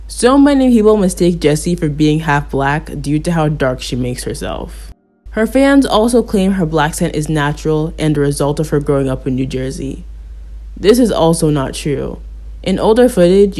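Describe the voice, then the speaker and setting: A woman host reading a scripted commentary voice-over in a measured, critical, matter-of-fact way. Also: low voice, dark tone.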